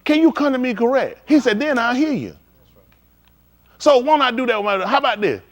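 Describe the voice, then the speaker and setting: A man preaching in a casual, conversational style, swinging from quiet to loud and acting out conversations. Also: very high-pitched, brisk. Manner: animated, shifting between quiet and loud, acts out dialogue. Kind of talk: livestreamed sermon.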